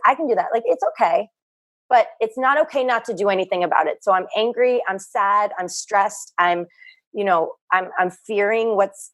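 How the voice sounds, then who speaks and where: Earnest woman talking casually. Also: mid-range voice. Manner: earnest, reflective, repeats herself. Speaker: guest, fitness business owner. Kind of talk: casual podcast conversation.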